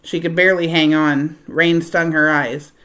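A woman reading a children's adventure novel aloud in a steady storytelling voice. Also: normal speed. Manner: steady storytelling, voicing dialogue with raised pitch and volume. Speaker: reader of a novel.

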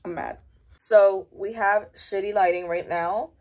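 A woman's voice: medium pitch, fairly even intonation, measured pace, a little hiss or hum. A young woman in her twenties talking through her day in a casual vlog, candid and full of slang and swearing. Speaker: vlogger.

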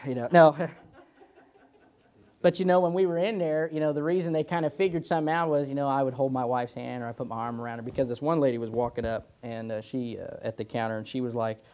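Young man, 20s, pastor, Sunday school lesson, folksy, storytelling, frequent amens, mid pitch. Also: steady tone, quick pace, darkish tone. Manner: chatty, tells personal stories, peppers lines with "amen" and "you know". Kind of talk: informal Sunday school preaching.

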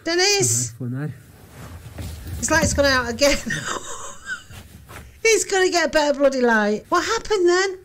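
A high, lively woman reacts to a ghost-hunting video, her voice swinging widely as she exclaims and swears. She talks slowly and unhurriedly between outbursts, jumpy and easily startled. A faint hiss sits behind her.

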